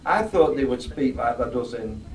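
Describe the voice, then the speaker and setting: A man's voice: mid-range voice, lively intonation, normal speed. Blunt, rousing man. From Yorkshire, England. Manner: jokey, rousing, blunt, works the crowd with questions. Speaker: politician addressing local residents. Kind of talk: informal campaign speech. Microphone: distant microphone. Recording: roomy, distant, noisy ambience.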